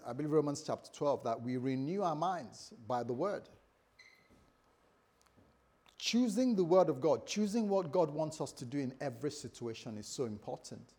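Male pastor, husky tone, animated sermon delivery with hushed lows and loud peaks, speaks his own inner voice aloud. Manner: animated preaching, jumps from quiet low lines to loud high bursts; acts out his own inner voice in quoted asides. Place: church service before a congregation.

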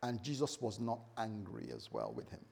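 Animated husky male pastor preaching. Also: lowish voice, moderate pace. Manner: animated, swings between loud and soft, acts out voices. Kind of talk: sermon.

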